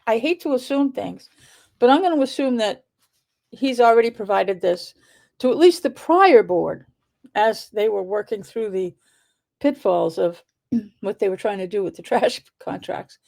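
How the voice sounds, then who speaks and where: A woman with a somewhat higher voice talks casually, drifting between thoughts and correcting herself as she goes. She sounds like a local video blogger chatting about small-town matters. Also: expressive, unhurried, vocal fry, darkish tone. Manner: chatty and rambling, with self-corrections. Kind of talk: casual commentary.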